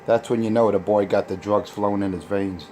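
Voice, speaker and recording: A man's voice: on the low side, fairly even intonation, fairly quick, noisy background. Man trash-talking over CB radio. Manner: boastful, taunting and insulting. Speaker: CB radio operator.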